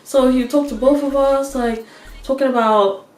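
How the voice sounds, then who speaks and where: A young woman tells a story to camera in a chatty way, laughing and acting out every line she quotes. Her voice sits a little high. The room around her is echoey. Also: fairly even intonation, moderate pace, darkish tone, soft background music. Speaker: vlogger. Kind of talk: casual storytime chat.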